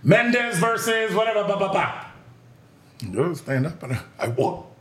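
A man telling a story in casual chat, animated and profane, acting out voices as he goes. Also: high voice, a little slow, roomy sound. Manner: animated storyteller, acts out voices, swears freely. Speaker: podcast guest telling stories.

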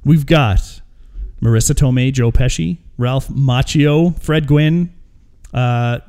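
A man co-hosting a casual movie podcast, wandering through his thoughts with plenty of ums and uhs. His voice is warm and mellow, and he sits at an ordinary speaking pitch. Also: slow pace, clear, resonant tone. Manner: rambling, filler-heavy. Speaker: podcast co-host. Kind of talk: casual chat.

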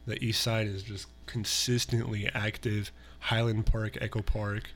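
A man's voice: fairly low pitch, level tone, a little slow, fairly bright tone, a little hiss or hum. A man, a musician guest on a podcast, talking in a laid-back way, repeating words and calling people dude. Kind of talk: casual interview chat.

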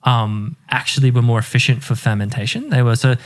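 A man's voice: mid-range voice, brisk. A man co-hosting a casual podcast, explaining history at length, often laughing and swearing. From Ireland. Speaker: podcast co-host.

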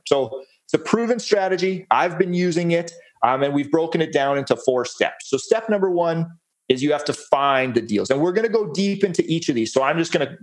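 A man presenting a real estate case study on a webinar, upbeat and folksy, walking through steps. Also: a little high. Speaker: guest presenter.

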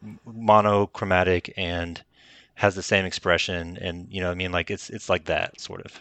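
A man's voice: low voice, level tone, moderate pace, fairly bright tone, smooth, no echo. A man co-hosting a casual chat, recapping a film in rambling stretches full of fillers. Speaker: podcast co-host.

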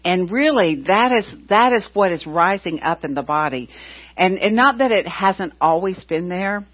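Here a middle-aged woman heading a church delivers informal announcements, her voice low-pitched, expressive and moderately paced. She chats like a storyteller, often saying "you know" and replaying what people said. The audio sounds muffled, dull and lo-fi.

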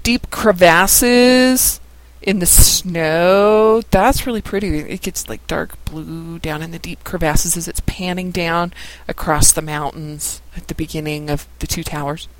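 A man's voice: on the high side, measured pace, a little hiss or hum, poor audio. A man co-hosting a podcast, rambling goofily while watching a film. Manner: rambling, goofy commentary. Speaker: podcast co-host. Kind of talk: casual chat.

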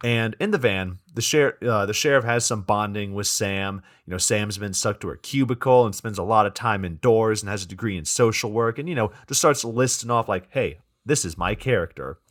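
A man's voice: lowish voice, a little fast, hardly any pauses. A man co-hosting a podcast, recapping a movie plot in casual banter, amused and incredulous. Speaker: podcast co-host.

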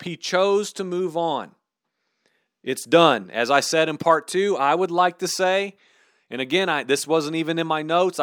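A man preaching earnestly and conversationally. His voice sits a little high for a man. It is recorded close and dry, with no room echo. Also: a bit bright. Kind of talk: sermon teaching.

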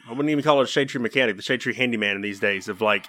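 A man's voice: mid-range voice, racing, fairly bright tone, no room sound. Laid-back joking man, dry sound. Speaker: podcast co-host. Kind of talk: casual chat.

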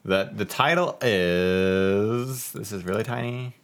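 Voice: deep voice, slow. A podcast co-host in casual chat, teasing the others and laughing easily.

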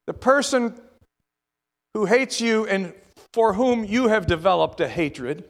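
A man's voice: high-pitched, expressive, slow, big-room sound. A male preacher delivering a sermon in a conversational way, repeating words and asking rhetorical questions.

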